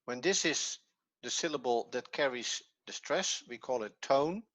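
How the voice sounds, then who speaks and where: A man's voice: mid-range voice, expressive, measured pace, a bit bright. A man with a Dutch accent, his first language Dutch, teaching an online language lesson patiently and step by step with repetition. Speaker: Hebrew teacher.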